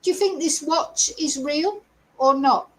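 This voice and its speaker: A woman's voice: sits high, unhurried, fairly bright tone, rough recording. A middle-aged woman, hosting a chatty live-stream commentary, reading out news and asking her viewers rhetorical questions. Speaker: host.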